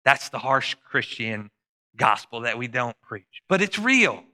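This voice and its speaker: A pastor preaching a sermon in a conversational way, acting out the voices of Bible figures. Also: male voice, mid-range voice, sing-song, a little slow, pushed and bright.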